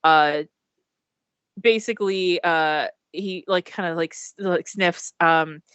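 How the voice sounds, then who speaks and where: A woman narrating as game master over a video call, describing scenes with frequent pauses and restarts. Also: on the low side, fairly bright tone, clear, resonant tone, no echo. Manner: hesitant, many ums and restarts while describing scenes. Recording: dull lo-fi call audio.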